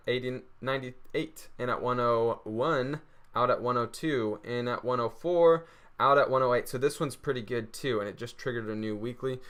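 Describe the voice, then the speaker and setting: A man's voice: mid-range voice, a bit bright. Upbeat Texan man teaching trading. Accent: Texas. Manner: upbeat, rhetorical questions answered himself. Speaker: trading course presenter. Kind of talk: screen-share tutorial.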